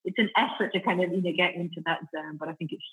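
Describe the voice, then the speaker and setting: Woman, middle-aged, Italian accent, bright tone, eager and chatty podcast guest. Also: on the low side, quick pace, poor audio. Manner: enthusiastic, chatty, many fillers and restarts. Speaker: guest, food company founder. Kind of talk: casual podcast interview.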